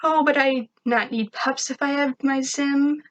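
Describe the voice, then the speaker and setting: A woman playing a wolf-like young woman who speaks in short, broken English, pitched a little higher than a plain reading voice. Fond and a bit wild, she sounds like a storybook creature-girl. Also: steady tone, measured pace, muffled recording.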